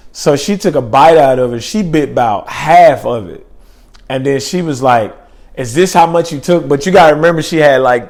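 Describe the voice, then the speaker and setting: A man's voice: mid-range voice, a little mellow. A young man telling a personal story in a laid-back, slangy, rambling way with lots of fillers. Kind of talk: casual storytelling.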